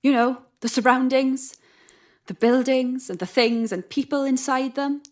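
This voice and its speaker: An actress playing a sarcastic, sharp-tongued young woman who swears often and stays defiant while frightened. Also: high-pitched, steady tone, a little slow. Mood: wry. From Wales. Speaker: traveler at a strange customs desk. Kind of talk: audio drama acting.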